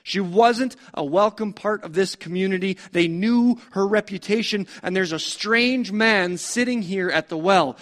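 A man's voice: high voice, a little slow, few pauses, a bit bright. A man preaching a storytelling sermon in a conversational way, full of rhetorical questions.

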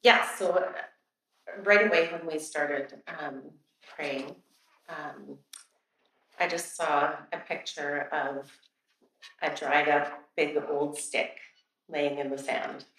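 Low-voiced woman, far off in a big echo. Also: steady tone, takes it slowly, pauses often, a bit bright. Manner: casual, hesitant, many fillers. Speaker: church member sharing a testimony. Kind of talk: testimony to a church. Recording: very echoey, distant from the mic.

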